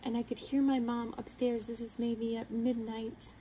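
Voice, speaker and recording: A young woman earnestly telling a personal story to the camera, halting and quoting her own thoughts. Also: a little high, flat delivery, dark tone, slight background noise, poor audio. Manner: earnest, halting, retelling with quoted inner thoughts. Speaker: vlogger.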